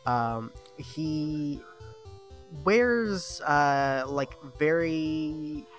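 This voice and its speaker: A man hosting a tabletop game podcast, rambling and halting in casual chat with friends, laughing at himself. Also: fairly high pitch, soft background music. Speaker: podcast host and player.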